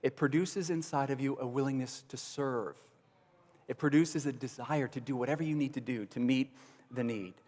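A man's voice: fairly even intonation, normal speed, darkish tone. Man preaching in an echoey hall. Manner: earnest preaching, rising to emphatic bursts then dropping low. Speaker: pastor. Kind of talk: sermon.

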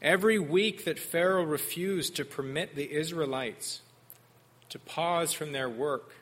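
A man preaching an expository sermon, earnest and measured. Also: a little high, fairly bright tone. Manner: earnest expository preaching, mimics sarcastic voices in quotes.

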